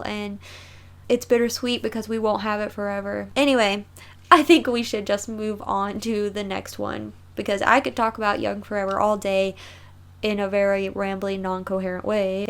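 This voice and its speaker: A woman's voice: mid-range voice, fairly bright tone, clean tone. A young woman chatting casually and emotionally while reacting to music videos, rambling and often laughing.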